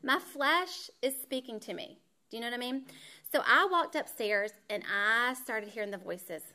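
A woman teaches a women's Bible study. She talks in a slightly high voice and tells personal stories. She stays animated, says "y'all" a lot, and acts out what people said to her. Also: normal speed. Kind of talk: teaching talk with personal story.

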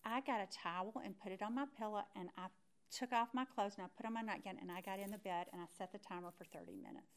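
Speaking quickly in a medium-pitched voice, a middle-aged woman uses a personal story to teach a Bible study. She tells it animatedly, acting out what she was thinking.

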